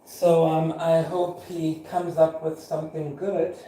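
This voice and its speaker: An actor playing a suspicious, aggrieved former teacher who rambles with fillers and chuckles. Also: male voice, on the high side, little pitch movement, a little slow, heavy background noise, natural voice. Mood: rambling aggrieved. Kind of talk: scripted monologue.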